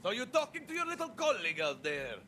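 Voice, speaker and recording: A man's voice: huge pitch swings, fast talker, sharp tone, slight background noise, full character voice. A man putting on Dr. Gonza, an unhinged paranoid doctor. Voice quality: erratic put-on accent. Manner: sneering, swinging between high shrill and deep growl. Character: paranoid unhinged middle-aged male doctor, menacing, crude.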